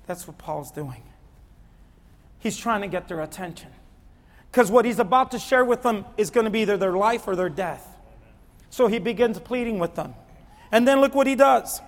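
A man with a very high voice preaching a sermon. His delivery keeps swinging between hushed low murmurs and loud, insistent stretches, and the sound rings with long reverb as if in a large church hall. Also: normal speed. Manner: animated, swings from low murmurs to near-shouting. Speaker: pastor.

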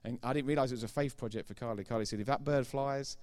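A man's voice: medium pitch, fast, darkish tone. A middle-aged man preaching a sermon, emphatic and informal, repeating key phrases for effect and throwing chatty asides to the congregation. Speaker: pastor.

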